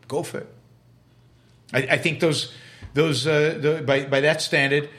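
A man hosting a live stream, reading viewer questions aloud and answering them in a halting, emphatic way, often restarting his words. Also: fairly high pitch, steady tone, fairly bright tone. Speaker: host.

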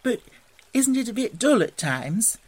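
Reader putting on an excitable little storybook mole, high and eager, all wonder. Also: a little slow, slightly rough. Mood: hesitant. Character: timid, wide-eyed young male mole. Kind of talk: storybook reading.

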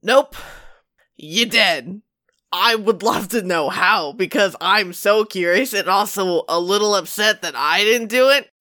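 A woman's voice: medium pitch, unhurried, pushed and bright. A woman voicing a cold, taunting female adventurer in a tabletop game.

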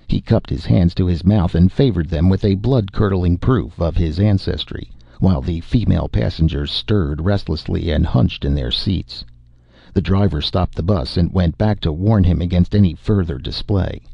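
A man narrating an audiobook in a steady, measured way, on a dull, dry recording. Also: low voice, gravelly, slightly rough, dry recording.

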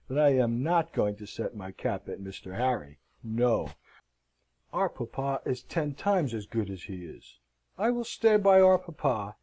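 A man's voice: fairly high pitch, darkish tone, poor audio. A man reading as a proud lovesick young girl. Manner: passionate, self-mocking outbursts. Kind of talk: audiobook reading.

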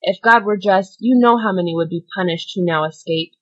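A woman's voice: medium pitch, fairly quick, lo-fi sound, natural voice. A woman voicing a desperate dying male ex-convict, pleading in anguished outbursts.

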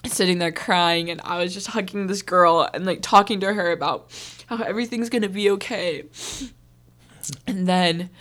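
A woman's voice: mid-range voice, fairly bright tone. A teenage girl hosting a podcast, earnestly telling a personal story in casual chat and saying "like" often. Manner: earnest, heavy use of "like". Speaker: podcast host.

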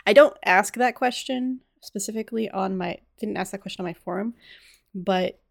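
A woman hosting a podcast in casual chat, chatty and quick to laugh, often trailing off and restarting her sentences. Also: mid-range voice, gravelly, no room sound, clean studio sound. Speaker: podcast host.

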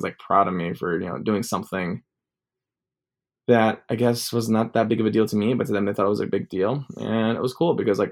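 Rambling young man telling a story. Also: lowish voice. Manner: rambling, full of "like" fillers. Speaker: vlogger. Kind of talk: casual storytelling.

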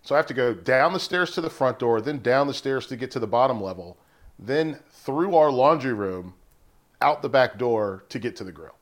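Male podcast co-host, casual, rambling storyteller, middle-pitched voice. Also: normal speed. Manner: rambling, animated storytelling with high-pitched laughs. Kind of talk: casual chat.

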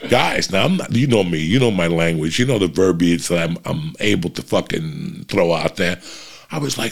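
A middle-aged man hosting a show, telling a story in casual, profane, animated chat to his listeners. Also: low voice, moderate pace, vocal fry. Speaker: podcast host.

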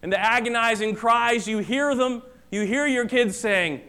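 High-voiced earnest male preacher. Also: measured pace, pushed and bright, smooth. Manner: earnest, emphatic, repeating key phrases. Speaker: pastor. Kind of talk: sermon. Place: church.

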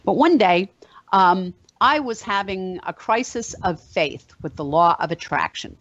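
A woman speaks as a motivational speaker to a small group, telling animated stories with plenty of ums and uhs. The recording sounds dull and lo-fi, with a dry, close sound. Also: mid-range voice, unhurried, no echo. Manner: animated storytelling with fillers. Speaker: motivational speaker and meetup organizer. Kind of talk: casual talk to a group.

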